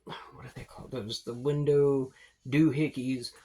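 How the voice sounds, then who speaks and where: A man's voice: medium pitch, flat delivery, a little slow, darkish tone. A man narrating a tabletop game as game master, in a laid-back, rambling way with fillers and swearing.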